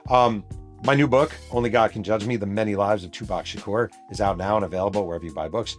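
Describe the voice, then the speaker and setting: A man's voice: fairly low pitch, quick pace, soft background music. A middle-aged man hosting his own show, telling a story in an emphatic monologue that acts out the people he quotes. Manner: emphatic, re-enacts quoted voices. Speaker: host, author and journalist.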